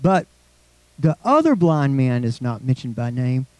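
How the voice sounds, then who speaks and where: A man's voice: medium pitch, sing-song, unhurried, darkish tone, no room sound, low-quality recording. A man preaching a conversational sermon, asking the congregation questions as he goes. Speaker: pastor.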